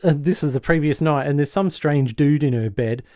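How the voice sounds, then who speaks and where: A man's voice: on the high side, normal speed, darkish tone, no room sound, clean studio sound. A male podcast host recapping a sitcom episode in a chatty way, laughing easily and acting out the lines.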